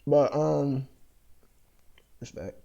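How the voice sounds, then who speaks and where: A man's voice: fairly high pitch, extremely slow, creaky, warm tone, highs cut off. An American man vlogging in a rambling, profane monologue, full of fillers and restarts. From United States.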